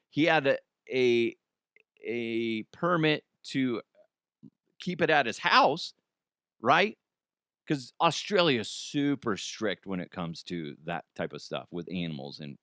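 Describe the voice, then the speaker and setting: A man's voice: medium pitch, pushed and bright, no echo, studio quality. An American man in his thirties hosting a comedy news show, chatting casually, swearing and laughing at his own jokes. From United States.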